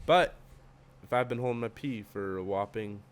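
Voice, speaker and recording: A man's voice: on the low side, normal speed, a little hiss or hum. A young man co-hosting a casual podcast, joking around with playful exaggeration. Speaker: podcast co-host.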